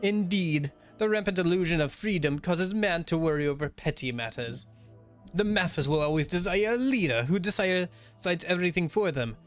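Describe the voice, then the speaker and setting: A man's voice: sits high, expressive, normal speed, voice pushed up. A grandiose masked villain from a video game declares his plans in a lifted, theatrical voice, as a man reads him aloud. Faint game music plays behind. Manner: theatrical, proclaiming.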